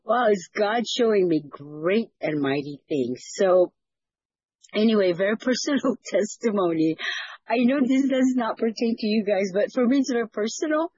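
A woman's voice: mid-range voice, lively intonation, normal speed, a little mellow, husky, no room sound, lo-fi sound. A woman leading a fellowship, sharing a personal testimony in an earnest, rambling way that repeats words, over a video call. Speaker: fellowship leader.

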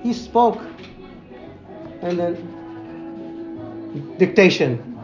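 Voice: mid-range voice, expressive, drawn-out words, dull audio, over music. A Bible teacher speaking informally in a conversation, quoting scripture in old-fashioned wording and speaking English with non-native grammar.

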